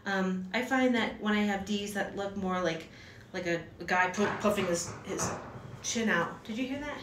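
A woman's voice: medium pitch, moderate pace, distant mic, background noise. A woman giving a casual lettering lesson at home, rambling and chatty with lots of fillers and restarts. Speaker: hand-lettering teacher. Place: room at home. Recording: echoey room, voice from off-mic.

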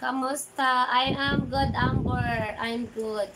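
A woman's voice: sits high, steady tone, slow. A Filipina woman with a Filipino accent, hosting a casual livestream, greeting viewers by name and reading their chat aloud in English mixed with Tagalog. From Philippines. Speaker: livestream host. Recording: loud background noise.

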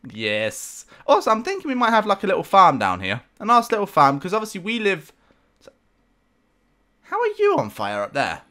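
Guy doing excitable let's-play commentary, bright voice, jumps all over the place, yells at the game. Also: sits high, normal speed. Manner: excitable, talks to the game, self-mocking outbursts. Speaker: gameplay commentator.

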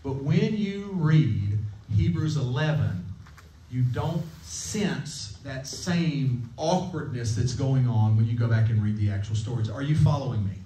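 A man's voice: medium pitch, expressive, measured pace, dark tone, a little hiss or hum. Brief: male camp preacher, jokey and conversational, recorded at a distance in a roomy chapel. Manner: playful, jokey, asks the room questions. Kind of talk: casual sermon to middle schoolers. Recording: echoey room, mic at a distance.

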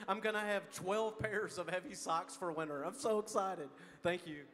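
A man's voice: sits high, normal speed, a bit bright. A man with a Texan accent answers student questions in a casual, joking, folksy way during a school chapel. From Texas. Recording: reverberant chapel hall.

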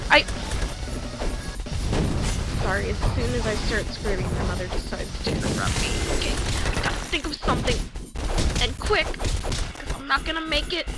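A young woman giving live commentary on a video game, excitable and frantic, often yelling and laughing, with loud game music behind her. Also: on the high side, brisk. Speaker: gaming let's-player.

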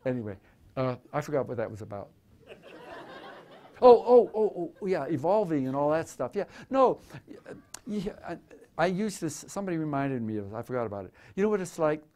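A man's voice: a little high, darkish tone. A man in his eighties, a photographer speaking in a museum auditorium, rambling and joking irreverently, with many stammered restarts as he answers audience questions. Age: 80s. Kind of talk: live talk with audience questions.

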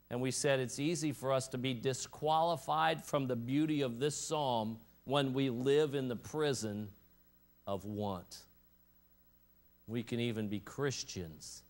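A man, a pastor, giving church announcements, a prayer and an emphatic sermon at an evening service. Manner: announcements and prayer, then emphatic preaching that rises in pitch and loudness.

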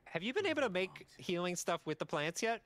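A man's voice: high-pitched, big pitch swings, fairly quick, fairly bright tone. Teasing man watching a friend play. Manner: teasing, gives joking advice. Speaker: game show co-host. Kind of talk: casual gameplay chat.

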